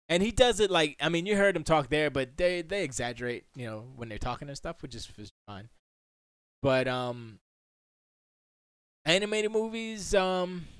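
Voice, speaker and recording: A man hosting a casual live stream from his home studio, talking in a rambling, animated way with many restarts as he answers chat. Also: fairly high pitch, clean tone, no room sound. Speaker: music producer and stream host.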